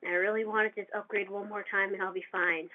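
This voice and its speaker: Excitable gamer on a tinny mic. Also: mid-range voice, fairly quick. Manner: excitable, trash-talking the other players. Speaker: gamer narrating own play. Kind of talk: casual gameplay commentary. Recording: tinny lo-fi mic with faint hiss.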